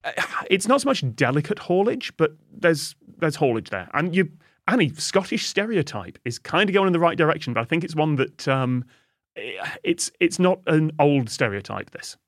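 A man's voice: on the high side, very animated, normal speed, dry recording, clean studio sound. A man hosting a podcast guessing game, giving clues in a playful, teasing way. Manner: playful, teasing clue-giver. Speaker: quiz host. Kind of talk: casual podcast quiz chat.

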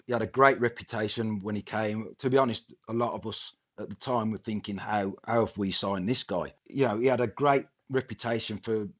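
A man's voice: on the low side, fairly even intonation, fairly quick, few pauses. A man, a former footballer, reminiscing casually in a rambling way with many restarts. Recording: dull lo-fi sound.

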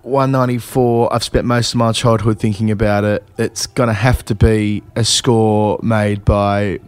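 A man's voice: lowish voice, flat delivery, unhurried, clean tone, dry recording. A man co-hosting a casual cricket chat, thinking aloud and trailing off mid-thought. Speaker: podcast co-host.

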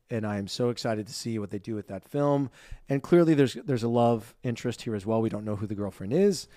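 A man's voice: mid-range voice, mellow, dry recording, studio quality. A man co-hosting a podcast, chatting in a bubbly, jokey way. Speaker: podcast co-host. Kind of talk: casual chat.

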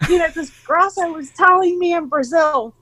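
High-voiced woman telling lively stories. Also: normal speed, no echo, poor audio. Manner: animated storyteller who acts out quotes and laughs often. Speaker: guest, mother of young skateboarders. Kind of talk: casual interview chat.

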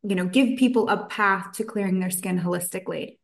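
A woman speaks as a nutritionist guest on a podcast, at an ordinary middle pitch. She tells her story in a chatty, easygoing way and acts out her own past thoughts as quoted asides. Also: fairly quick, gravelly. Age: adult, past college. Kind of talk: podcast interview.

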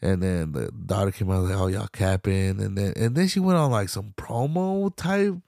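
A man's voice: lowish voice, expressive, moderate pace, vocal fry, a little mellow, dry recording, studio quality. A young man hosting a podcast, rambling casually with slang, swearing and laughter. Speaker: podcast host. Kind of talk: casual solo commentary.

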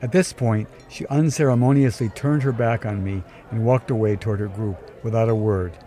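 A man narrating a scripted first-person story in a dry, wry, measured way. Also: fairly low pitch, fairly even intonation, mellow. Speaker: podcast storyteller.

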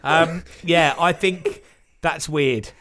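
A man co-hosting a comedy podcast, cutting in with quick teasing jokes. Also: a little high, fairly bright tone. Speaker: podcast co-host. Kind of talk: casual comedy banter.

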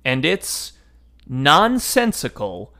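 A man's voice: fairly high pitch, huge pitch swings, extremely slow, bright, forceful tone. Man, podcast co-host, wry and rambling, casual book talk.

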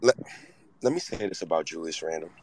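A man in his thirties hosting a podcast, excitable and profane, with big swings in pitch and loudness. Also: a little fast, husky, no echo, low-quality recording. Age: 30s. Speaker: podcast host. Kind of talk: casual chat.

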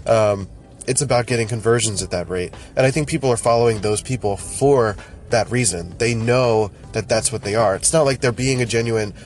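A man hosting a casual solo podcast, rambling and joking with lots of fillers and restarts. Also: lowish voice. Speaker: podcast host.

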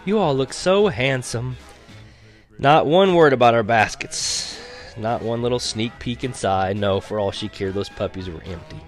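A man's voice: fairly low pitch, moderate pace, soft background music. Wry, sarcastic male story narrator. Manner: wry, sarcastic, laughs between lines. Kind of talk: audiobook narration of a teen story.

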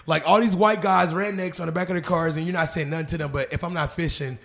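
A man's voice: on the high side, fairly even intonation, fast talker, gravelly, fairly bright tone. Young guy from arkansas chatting on a couch, loose slangy storytelling, lots of "like". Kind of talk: casual chat. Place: living room couch.

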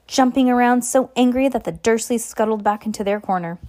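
A woman's voice: on the high side, brisk, hardly any pauses, mellow. Woman reading aloud with stumbles. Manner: stumbling, self-correcting reading. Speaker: reader. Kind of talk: amateur audiobook narration.

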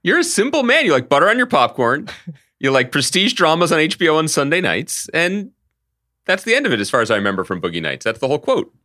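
A man's voice: fairly high pitch, fast, dry recording, clean studio sound. A man co-hosting a podcast in casual chat, teasing and wry. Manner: teasing, wry, lively banter. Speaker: podcast co-host.

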